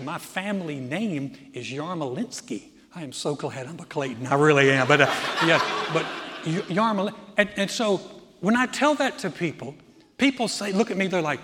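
A man's voice: a little high, fairly bright tone. Emphatic older man preaching in a hall. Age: 60s. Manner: emphatic preacher, builds in rising lists, humorous storytelling asides. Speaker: pastor. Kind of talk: sermon. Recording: long hall reverb.

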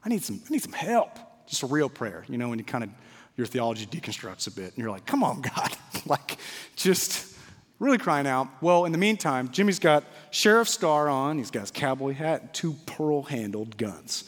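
Preacher telling a story in a reverberant church. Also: male voice, mid-range voice, lively intonation, normal speed. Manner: storytelling with shifts from loud to quiet. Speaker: pastor. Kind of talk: sermon.

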